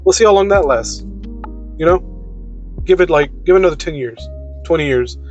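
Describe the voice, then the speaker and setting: A man's voice: fairly high pitch, expressive, brisk, a little mellow, dull audio, faint music behind. A man in an unscripted personal monologue, ranting bluntly and emphatically, with frequent swearing. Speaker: video creator.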